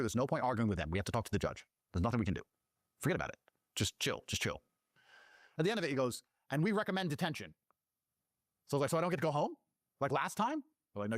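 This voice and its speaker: A man's voice: a little high, no room sound, clean studio sound. A man telling a long personal story, swearing often and acting out the lines of the people in it. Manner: profane, acts out quoted dialogue. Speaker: guest telling his story. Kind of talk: animated storytelling.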